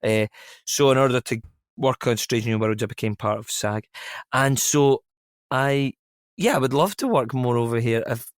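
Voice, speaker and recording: A man's voice: mid-range voice, normal speed, no echo, clean studio sound. A young adult man, an actor guest chatting casually and poking fun at himself with frequent laughs. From Scotland. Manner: self-deprecating, laughs often, rambling asides. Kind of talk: casual interview chat.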